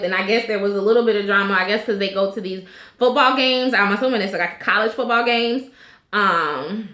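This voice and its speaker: A woman in her thirties with a medium-pitched, slightly bright voice recaps a reality show for a casual vlog. She's chatty and opinionated and uses lots of fillers, and the room is echoey.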